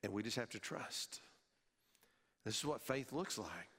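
A male pastor preaching a sermon, emphatic, his voice rising and falling sharply and dropping low at the ends of phrases, sometimes repeating words as he restarts. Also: lively intonation, measured pace, pushed and bright, husky. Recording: long hall reverb.

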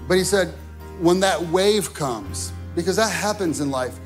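Fervent high-voiced man preaching slowly. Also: expressive, faint music behind. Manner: fervent preaching that swings from shouted peaks to quiet asides; casual wording with many fillers like "like". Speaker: pastor. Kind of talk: sermon. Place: church sanctuary.

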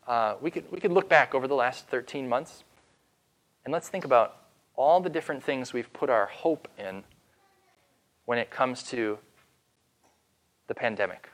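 A man preaching as pastor, retelling a story with dramatic pauses and slowing down for emphasis. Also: medium pitch, fairly bright tone. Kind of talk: sermon.

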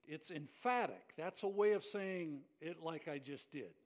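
A man's voice: a little high, a little slow. A male pastor preaching a sermon, acting out the lines he quotes, often restarting words.

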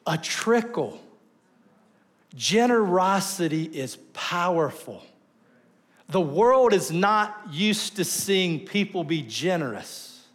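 Animated preacher, loud then hushed. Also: male voice, sits high, slow pace. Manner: animated storytelling, swings between loud bursts and soft asides. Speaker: pastor. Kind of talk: sermon.

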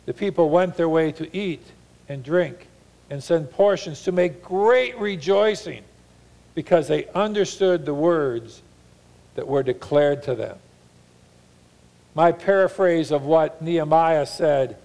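A man preaching a sermon as a pastor, earnest, slowing and softening on key lines and slipping into mock voices to paraphrase. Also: a little high, vocal fry.

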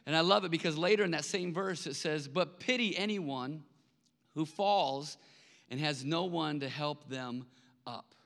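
A man's voice: fairly high pitch, a little slow, creaky, fairly bright tone. A man preaching a sermon as pastor, speaking in a conversational way and often repeating words when he stresses a point. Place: large church hall. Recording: long hall reverb.

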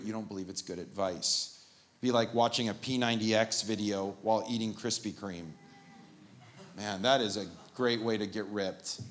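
Man preaching a lively sermon. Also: on the low side, slight background noise. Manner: animated and informal, with asides and jokes. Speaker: pastor. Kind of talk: conversational sermon. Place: church service, live.

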